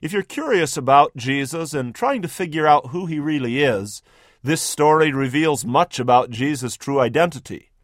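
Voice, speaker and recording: Radio preacher guy, higher voice, dry close studio sound, tells the story dramatic and emphatic. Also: expressive, normal speed, no echo. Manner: vivid storytelling, second-person, emphatic. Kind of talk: dramatic scripted sermon narration.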